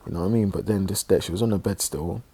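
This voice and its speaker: A man telling a personal story in a halting, reflective way, with many pauses and restarts, sounding subdued and emotional. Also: deep voice, warm tone, breathy edge. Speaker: online religious presenter.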